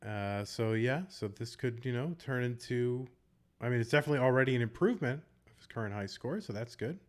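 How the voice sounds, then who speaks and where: A man calls a live game tournament in a loose, chatty way. He rambles and jokes in a middle-pitched voice. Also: brisk. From Boston. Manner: chatty, rambling, joking asides. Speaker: tournament commentator. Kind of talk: casual live game commentary.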